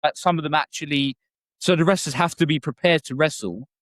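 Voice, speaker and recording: A man's voice: a little high, a little fast, a bit bright, no room sound, studio quality. A man co-hosting a wrestling podcast in casual chat, swearing freely and laughing often. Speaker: podcast co-host.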